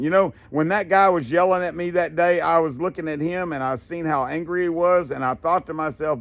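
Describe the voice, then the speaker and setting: A man's voice: a little high, fairly even intonation, brisk, hardly any pauses, a bit bright. Folksy man explaining anger control. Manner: folksy, conversational, fillers and restarts. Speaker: therapist teaching anger control. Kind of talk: casual lecture.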